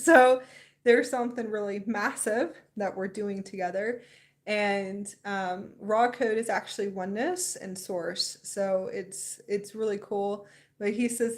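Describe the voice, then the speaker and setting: A young woman talks off the cuff on a spiritual livestream, rambling and excited. She laughs often as she chats, in a voice of ordinary pitch. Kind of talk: casual livestream chat.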